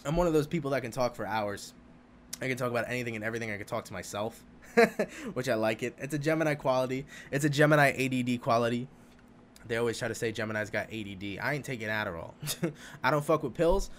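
A young man hosting a podcast, talking alone in a rambling, profane, animated way about spirituality, laughing often. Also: mid-range voice, fast, a little hiss or hum. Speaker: podcast host. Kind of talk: casual spiritual podcast monologue.

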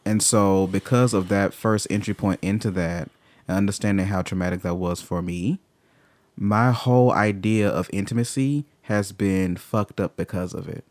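Fiery, low-voiced man in candid talk. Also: moderate pace, no room sound. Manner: emphatic, swings from low and brooding to loud and fired up; swears freely. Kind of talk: candid conversation.

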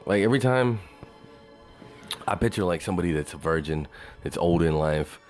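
A man's voice: low voice, lively intonation, normal speed, darkish tone, faint music behind. A man talking in a loose, rambling monologue, swearing freely and saying "you know" over and over. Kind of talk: casual monologue.

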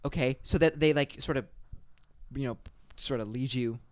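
A man telling stories in casual chat, animated, cursing often and acting out quotes. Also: medium pitch, normal speed. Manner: animated storyteller, swearing, laughing, acts out quotes.

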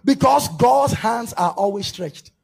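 His voice is very high-pitched, a little slow, slightly rough, with vocal fry. This male preacher gives a live sermon with a staged demonstration at a church service, directing volunteers and rising from animated delivery to fervent shouted prayer before the congregation.

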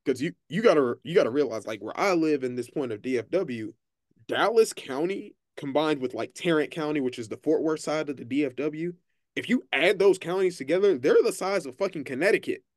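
A man's voice: fairly high pitch, animated, brisk, darkish tone, no room sound, studio quality. A man co-hosting a casual podcast, talking boldly and emphatically with plenty of swearing. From Texas, USA. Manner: bold, emphatic, profane. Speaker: podcast co-host. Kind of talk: casual chat.

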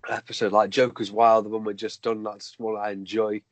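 A man's voice: on the low side, little pitch movement, normal speed, no room sound, low-quality recording. A man chatting casually as a podcast co-host, hesitant, with many fillers and restarts. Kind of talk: casual chat.

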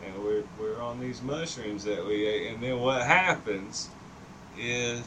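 A man's voice: medium pitch, measured pace, sharp tone. A man in his fifties telling a long story in casual chat. He rambles, swears freely and laughs often. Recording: distant mic with noticeable background noise.

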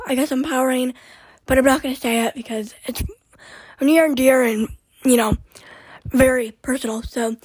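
A young woman hosting her own podcast in a rambling, chatty way full of fillers, her voice hoarse and short of breath. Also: high-pitched, a little mellow, no echo, poor audio. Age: young adult. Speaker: podcast host. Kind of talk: casual solo podcast chat.

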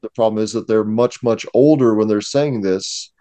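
A man's voice: on the low side, moderate pace, clear, resonant tone, no echo. A man, a museum curator, talking casually and knowledgeably as a guest in a discussion. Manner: knowledgeable, explanatory, steady.

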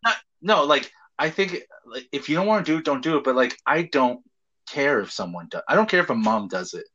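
A man in loose, joking conversation, his voice swinging lively up and down with a bright, forceful edge. The recording is a little dull and lo-fi. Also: medium pitch, fairly quick, slightly rough. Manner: joking, teasing, laughs often. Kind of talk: casual chat. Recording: dull lo-fi sound.

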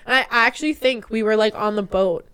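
A young woman from Canada co-hosting a podcast, a little tipsy, retelling a story in a profane, animated way. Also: fairly high pitch, fairly quick, a crowd in the background. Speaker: podcast co-host. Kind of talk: casual podcast chat.

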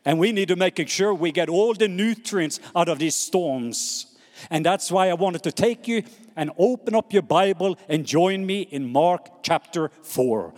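Norwegian-accented preacher in a reverberant hall. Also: male voice, sits high, a little slow. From Norway. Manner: animated preaching with call-and-response prompts. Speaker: pastor. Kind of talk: sermon.

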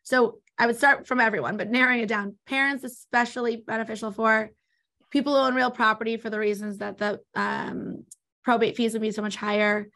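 Fast-talking Californian woman. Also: a little high, fairly even intonation, a bit bright. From born in New York, raised in Los Angeles. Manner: talks fast, explanatory. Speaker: guest, estate planning attorney. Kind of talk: casual interview answers.

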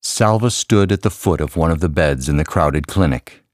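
A man reading a story aloud as narrator in a measured manner, raising his voice for quoted lines. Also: a bass voice, animated, no room sound, studio quality. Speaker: audiobook narrator. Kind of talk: scripted narration.

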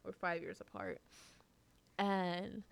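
A woman's voice: on the low side, big pitch swings, slow pace, gravelly. A woman telling personal stories in a casual, rambling way, full of fillers and restarts. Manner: rambling, many fillers and restarts, laughs often. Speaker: podcast guest.

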